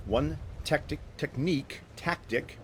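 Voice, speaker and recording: A man hosting a live stream, telling a personal story to viewers in an animated, restless way, often restarting his sentences. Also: on the high side, unhurried, noisy background. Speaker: host.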